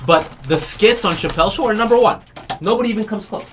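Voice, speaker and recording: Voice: mid-range voice, fast talker, noisy background. A card break host in casual live-stream chat, talking loosely and laughing often while retelling comedy bits.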